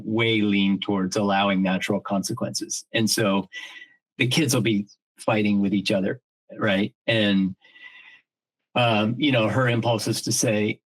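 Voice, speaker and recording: A man's voice: fairly low pitch, a bit bright, poor audio. A middle-aged man co-hosting a podcast in casual chat, earnest and reflective, thinking aloud with many restarts and the odd casual swear word. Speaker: podcast co-host.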